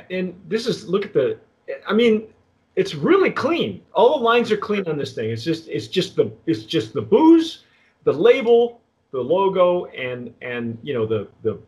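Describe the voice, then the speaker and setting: Slightly mellow, with a fairly high pitch, this tequila review host meanders through a casual tasting, halting often, starting phrases over, and padding pauses with "um" and "uh."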